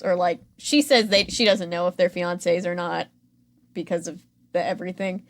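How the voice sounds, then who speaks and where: A woman's voice: lowish voice, fairly even intonation, normal speed, slight background noise. A woman co-hosting a podcast, recapping a reality show in a chatty, sarcastic way with frequent fillers. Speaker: podcast co-host.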